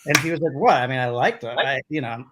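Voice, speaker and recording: A man's voice: medium pitch, fast, heavy background noise. A middle-aged man who is a guest on a comedy talk show, telling loose, rambling stories full of "like" and "um" over a video call. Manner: rambling storyteller with lots of fillers. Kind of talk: casual anecdotal chat. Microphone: livestream video call.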